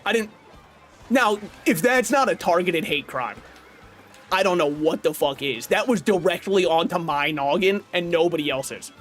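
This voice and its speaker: A man streaming a racing game live, commentating with excitable, profane banter toward the other players and chat. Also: a little high, moderate pace. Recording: faint game music behind.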